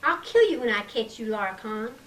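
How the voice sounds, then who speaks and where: A woman's voice: a little high, lively intonation, brisk, a bit bright, roomy sound, distant mic, slight background noise. A woman voicing a furious teenage girl screaming threats at her little sister. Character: angry teenage girl, big sister out for revenge.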